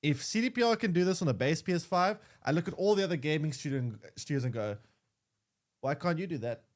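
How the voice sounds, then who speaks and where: Rambling, animated young streamer guy. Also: a little high, quick pace. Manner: rambling, with stammered restarts and repeated words. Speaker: gaming streamer. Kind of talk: casual gaming commentary.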